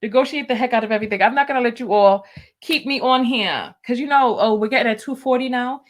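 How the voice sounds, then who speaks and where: A woman's voice: on the high side, fast talker. A woman hosting a casual livestream, chatting and laughing as she talks straight to her viewers and reads their comments aloud. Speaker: host.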